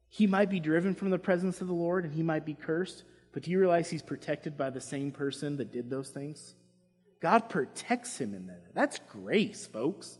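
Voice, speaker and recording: Husky-voiced man preaching in a reverberant hall. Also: on the high side. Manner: impassioned preaching, drops to quiet asides. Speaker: pastor. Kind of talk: sermon. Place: church sanctuary.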